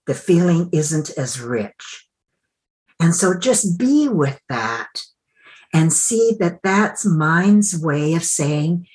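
A low-voiced woman speaks slowly in a conversational interview. She reflects on her work as a mentor and coach and slips into acted dialogue as she tells her stories. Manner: reflective, acts out quoted dialogue.

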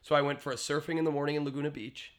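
A young man, a guest on a casual podcast, who tells animated stories and trails off mid-sentence. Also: on the high side, very fast. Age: young adult. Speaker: guest, speaker and educator.

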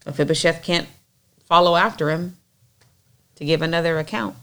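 A woman's voice: low voice, moderate pace, a bit bright. A woman reading scripture aloud and then discussing it casually, thinking aloud with fillers. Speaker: Bible study reader and discussion leader.

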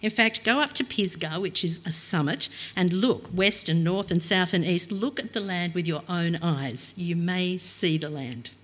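A woman's voice: on the low side, normal speed, hardly any pauses, husky. A middle-aged woman preaching a reflective, earnest sermon and reading scripture aloud.

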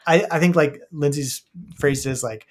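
A man's voice: on the high side, moderate pace. A man co-hosting a casual podcast chat, talking thoughtfully and searching for his words. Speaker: podcast co-host.

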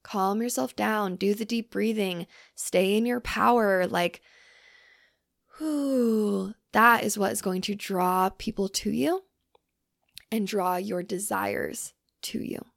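A young woman hosting her own podcast, talking loosely with lots of fillers and the odd swear, softly emphatic. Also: mid-range voice, takes it slowly, creaky, no room sound, studio quality. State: hungry from fasting. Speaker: podcast host. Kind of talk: casual solo podcast talk.

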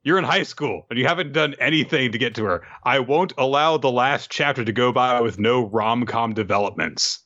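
A man's voice: medium pitch, normal speed, few pauses, bright, forceful tone, muffled recording, pitched above the performer's own voice. A man voicing a bossy, meddling female spirit in a pushy, insistent tone.

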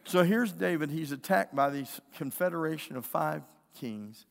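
In a church sanctuary, where the hall's long reverb fills the recording, a middle-aged male pastor preaches with emphatic storytelling and acts out quoted voices. His voice is gravelly and on the high side, animated at a moderate pace.

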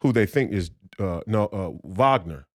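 A man's voice: on the low side, expressive, a little slow, dry recording, clean studio sound. A man talking as a podcast guest in a heated, profane rant, emphatic and combative, often restarting his sentences.

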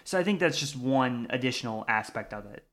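A man's voice: medium pitch, animated, a little fast, a bit bright. A man co-hosting a casual sports talk show, chatty with frequent restarts. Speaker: sports podcast co-host.

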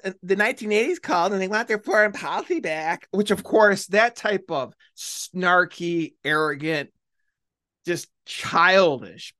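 A political commentator with a fairly high, fairly bright voice delivers a combative, sarcastic opinion monologue. He drags out words to drive home his points.

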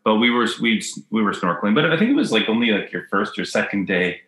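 A man telling a story in casual chat, acting out quotes in a high voice. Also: very animated, fast, fairly bright tone, reverberant, rough recording.

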